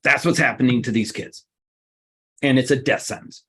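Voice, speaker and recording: A man giving a lively seminar talk, emphatic and blunt, his voice leaping up on the points he stresses. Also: normal speed, breathy edge. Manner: emphatic and blunt, with sudden pitch jumps. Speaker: workshop speaker.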